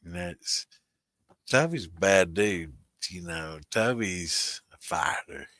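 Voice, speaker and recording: A deep-voiced man in his sixties rambles through a casual livestream, swearing freely and calling out his viewers by name. His tone is bright and forceful, and the sound is dry and close, with no room around it. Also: animated, slow, no room sound. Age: 60s. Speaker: host of a moonshine livestream.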